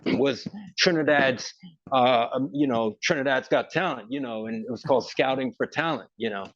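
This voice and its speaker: A man, a musician guest in an interview, telling rambling, animated stories. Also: mid-range voice, moderate pace, dry recording, lo-fi sound. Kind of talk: casual interview.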